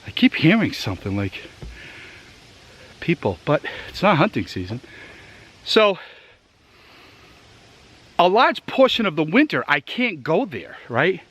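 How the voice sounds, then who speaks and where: A man's voice: on the high side, sing-song, a little slow, long pauses, fairly bright tone, slightly rough. Rambling Massachusetts man on a hike. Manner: rambling, chatty, addresses viewers directly. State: out of breath from hiking. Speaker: outdoor gear vlogger. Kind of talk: casual rambling tour while hiking. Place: outdoors in the woods.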